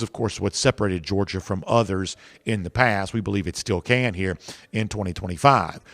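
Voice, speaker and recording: A man hosting a sports podcast, talking in a measured, analytical and emphatic way. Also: on the low side, dry recording. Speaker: podcast host.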